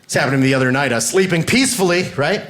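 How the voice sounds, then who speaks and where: A man in his thirties doing a stand-up comedy set on a club stage, telling self-mocking stories with bursts of shouted punchlines. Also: fairly high pitch, animated, very fast. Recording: noisy live club recording.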